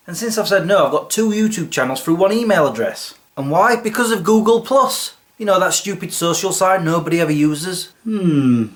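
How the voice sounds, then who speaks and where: Sarcastic chatty male vlogger. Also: a little high. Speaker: vlogger host. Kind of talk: comedic solo vlog.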